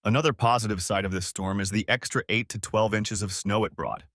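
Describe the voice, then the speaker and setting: A man's voice: fairly low pitch, steady tone, fairly quick, fairly bright tone, no room sound, studio quality. Man narrating a bitter revenge story. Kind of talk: first-person scripted story narration.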